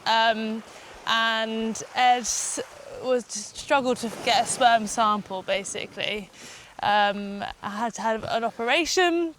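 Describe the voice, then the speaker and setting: A woman's voice: medium pitch, a bit bright, slight background noise. A woman from the UK co-hosting a vlog, chatting casually while walking along a beach. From United Kingdom. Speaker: vlog co-host. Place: outdoors on a beach.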